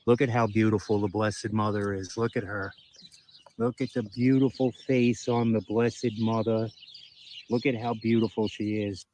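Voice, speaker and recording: A man's voice: lowish voice, fairly even intonation, moderate pace, darkish tone, a little hiss or hum. Man, outdoors, insulting and profane, birdsong faintly behind. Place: outdoors by a garden grave.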